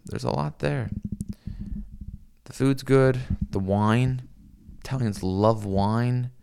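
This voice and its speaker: Gravelly young man rambling on stream. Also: fairly low pitch. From US West Coast. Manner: rambling and profane, with many fillers. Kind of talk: casual stream chat with viewers.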